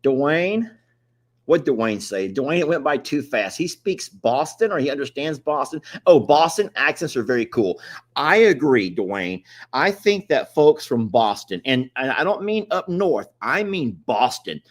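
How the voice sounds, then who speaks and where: A talkative man with a drawl, hosting a casual live stream. His voice rises and falls a lot as he rambles on and chuckles between thoughts. His pitch sits in the middle range. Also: big pitch swings, a little slow. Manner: rambling, chatty, laughs often. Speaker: livestream co-host. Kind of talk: casual chat.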